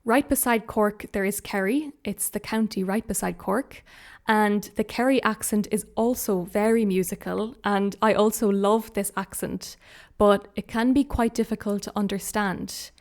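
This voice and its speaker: A woman with a southeast Irish accent, hosting an English-learning podcast and explaining things gently and clearly at a learner-friendly pace. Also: mid-range voice. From southeast Ireland. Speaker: podcast host, English teacher. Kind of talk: slow, clear lesson narration for learners.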